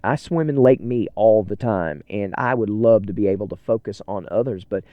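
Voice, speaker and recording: A man's voice: on the low side, moderate pace, dry recording, phone-quality sound. A man hosting a podcast, chatting casually and earnestly to listeners from inside his car as he drives. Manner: earnest, rambling, self-deprecating. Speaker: podcast host. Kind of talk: casual solo chat while driving.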